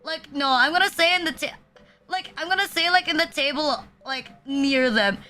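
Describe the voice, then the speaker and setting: A woman's voice: sits high, moderate pace, pushed and bright, soft background music. A young woman streaming, joking crudely and rambling with lots of fillers. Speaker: VTuber streamer. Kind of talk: casual livestream chat.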